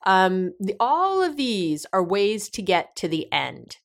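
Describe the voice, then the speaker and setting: A woman therapist hosting an advice show, talking through example conversations with frequent restarts and acted-out questions. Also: on the low side. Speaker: therapist host. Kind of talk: advice podcast talk.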